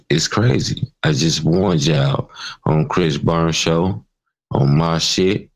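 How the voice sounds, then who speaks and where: In a low-quality recording, a low-voiced man fronts his own vlog with a ranting commentary that's angry, crude and derisive.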